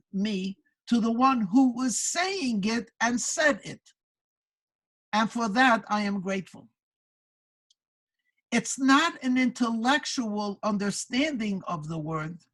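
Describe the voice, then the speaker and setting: A woman's voice: fairly high pitch, a bit bright, rough recording. A woman speaking at a religious gathering, telling a Hasidic story and reflecting on it earnestly, often restarting her words. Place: synagogue community gathering.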